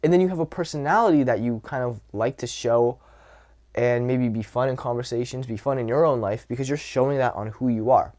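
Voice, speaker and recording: A man's voice: medium pitch, fairly quick, darkish tone. Casual young man coaching on dating. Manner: conversational, loose phrasing with fillers and restarts. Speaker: dating and social skills coach. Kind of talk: casual advice talk to camera.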